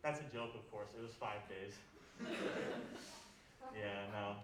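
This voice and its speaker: A man's voice: fairly low pitch, takes it slowly. A young man, a student comic, performing a dry, self-deprecating open-mic stand-up set in a campus lecture hall. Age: young adult. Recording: roomy hall, distant mic, faint noise. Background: audience laughter.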